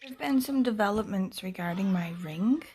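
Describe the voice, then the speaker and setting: A woman's voice: medium pitch, lively intonation, fairly quick, darkish tone, slight background noise. A young woman in a casual book vlog, talking in a chatty, rambling way, full of "like" and "you know". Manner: chatty, rambling, heavy use of "like". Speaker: book vlogger.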